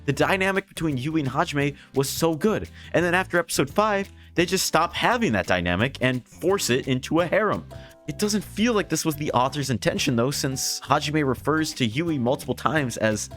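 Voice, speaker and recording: A man's voice: a little high, expressive, normal speed, a bit bright. Young man, anime reviewer, casual exasperated rant, swearing, faint background music.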